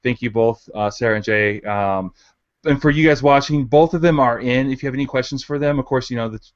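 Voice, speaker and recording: A man hosts a casual panel over a video call, rushing along and filling his sentences with likes and ums. The sound is dull and lo-fi, like a compressed online call. He talks from home in the mountains. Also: medium pitch. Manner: rambling, filler-heavy, laughs often. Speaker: host.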